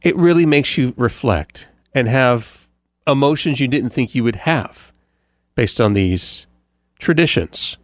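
A man who hosts a morning radio show talks through his daily recap in a loose, rambling way. He stops for fillers and restarts his sentences often. His voice is mid-pitched and sits on a dry, close mic. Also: animated, unhurried, no echo. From United States. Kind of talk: casual podcast recap monologue.

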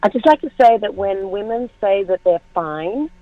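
Male caller, high mellow voice, wry, dull lo-fi line. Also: expressive, moderate pace. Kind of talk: call-in phone chat.

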